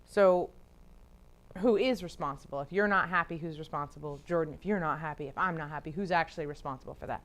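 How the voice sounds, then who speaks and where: A chatty woman teaching a casual Bible study, with a voice a little lower than most women's. She talks in loose, friendly runs, laughs often and fills her talk with "like". She slips into quick voices for the people in her stories. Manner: acts out quoted people in talk.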